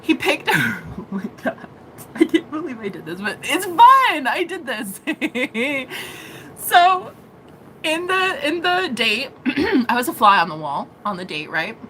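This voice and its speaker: A woman's voice: high-pitched, sing-song, measured pace, sharp tone, a little hiss or hum. A woman, a psychic reader, telling a story in a casual vlog. She giggles a lot, talks animatedly and swears freely.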